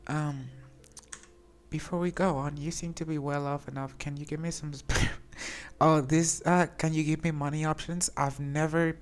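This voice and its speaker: A woman talks casually while playing a game, low in pitch. She is chatty and hesitant, often restarting her sentences. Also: level tone, moderate pace. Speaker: streamer. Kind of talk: casual gameplay commentary.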